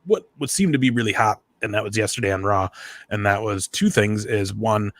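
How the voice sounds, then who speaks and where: A man's voice: on the low side, brisk, a bit bright. A man co-hosting a podcast, chatting casually and loosely, swearing now and then. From half Mexican. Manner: laid-back, swears casually, laughs often. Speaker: podcast co-host. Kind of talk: casual chat.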